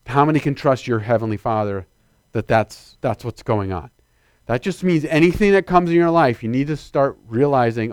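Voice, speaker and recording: A middle-aged man preaching a sermon with lively calls to his congregation. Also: medium pitch, moderate pace, clean tone, dry recording, studio quality.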